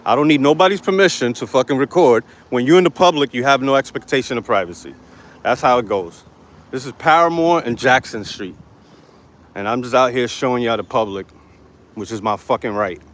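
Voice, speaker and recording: A man's voice: mid-range voice, a little fast, fairly bright tone. Brash, profane man vlogging on city streets. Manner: brash, profane, defiant, talking to camera while walking. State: hot and sweaty. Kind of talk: live-streamed walking vlog. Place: city sidewalks outdoors. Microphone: handheld phone. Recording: faint outdoor street noise. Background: street traffic ambience.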